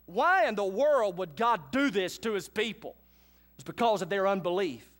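A high-voiced man delivers a sermon in a church. He moves between chatty, folksy remarks to his congregation and animated preaching. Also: moderate pace. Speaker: pastor. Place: church sanctuary.

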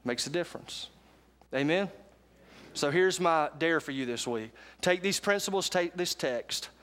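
A man's voice: a little high, measured pace, a bit bright. A man preaching a sermon to a live congregation, emphatic and often calling for responses. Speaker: pastor. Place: church sanctuary with live congregation.

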